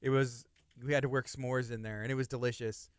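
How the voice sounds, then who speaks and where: A man hosting a casual radio chat, easygoing and quick to laugh, reading out listener comments. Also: medium pitch, flat delivery, clean tone, no room sound, clean studio sound. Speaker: radio host.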